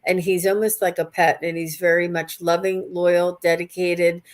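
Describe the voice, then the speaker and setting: A woman giving psychic readings as a guest on a live stream, speaking slowly and soothingly with many hesitations. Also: fairly low pitch, flat delivery, darkish tone. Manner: slow, soothing, hesitant with fillers.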